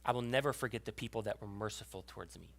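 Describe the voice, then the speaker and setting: A young adult man giving a sermon as pastor, telling a personal story with emotion and often dropping to a hushed voice. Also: on the low side, rapid-fire, creaky. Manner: storytelling, emotional, drops to a hushed voice at tender moments.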